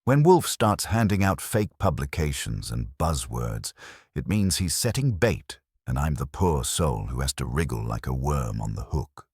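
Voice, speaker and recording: A man tells a detective story in a wry, first-person voice. His pitch is extremely low but moves a lot, and the tone is husky. The recording is dry and close. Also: sing-song, a little slow, a little mellow, no echo. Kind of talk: audiobook narration.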